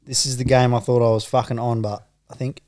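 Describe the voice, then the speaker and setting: A young man co-hosts a relaxed podcast among friends. He jumps in with short, blunt reactions. He swears casually and often. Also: mid-range voice, a little fast. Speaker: podcast co-host. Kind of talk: casual chat.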